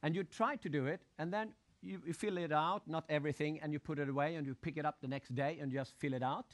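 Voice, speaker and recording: A man giving a live motivational seminar talk, animated, acting out crowd shouts and putting questions to his audience. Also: on the high side, fast. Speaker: motivational speaker.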